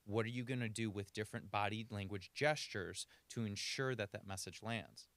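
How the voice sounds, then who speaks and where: A communication coach offers practical advice in a podcast interview, changing his pace to demonstrate his points. His voice sits on the low side with a fairly bright tone, at normal speed and without echo.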